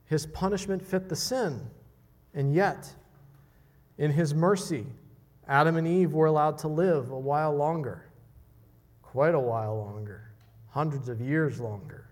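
A man's voice: on the high side, a little slow. A man preaching a sermon in a conversational way, often repeating words as he restarts.

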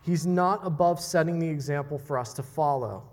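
A man's voice: a little high, moderate pace, a little mellow. A man preaching a sermon in a conversational way, often repeating words as he restarts.

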